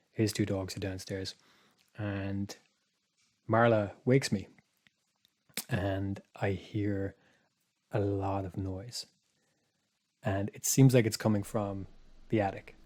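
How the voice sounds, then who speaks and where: A man casually telling a spooky story on a podcast, rambling with restarts and dropping to a hush for his own thoughts. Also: fairly low pitch. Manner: rambling, restarts, quiet asides when recalling his thoughts. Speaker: podcast co-host.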